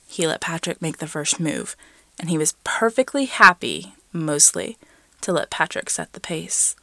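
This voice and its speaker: A woman narrates a story in a measured, hushed way. Her voice sits low and carries a gravelly fry. The sound is close and dry, with no room around it. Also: no room sound. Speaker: reader. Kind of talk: reading a story aloud.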